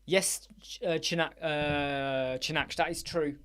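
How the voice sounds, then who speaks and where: A man hosting a live Q&A chat show, rambling and animated, with many fillers. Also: on the high side, takes it slowly, smooth. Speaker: host. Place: dark room with soundproof panels.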